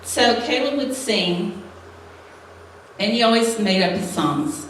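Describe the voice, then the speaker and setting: Her voice is fairly high and animated, and she takes her time. She is a middle-aged woman at a women's church gathering, laughing often as she tells her humorous testimony. An echoey hall, a faraway mic and a bit of hiss or hum shape the sound.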